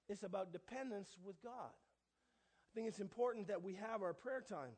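Male pastor, very high voice, sermon delivery that surges loud then drops to a hush. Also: normal speed. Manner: swings between hushed asides and loud emphatic proclamations. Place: church.

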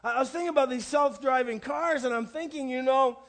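A preacher with a fairly high male voice delivers a sermon. He tells homely stories with puns, and he repeats key phrases to drive them home. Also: a little fast, a bit bright. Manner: folksy storytelling with jokes and repetition for emphasis. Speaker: pastor.

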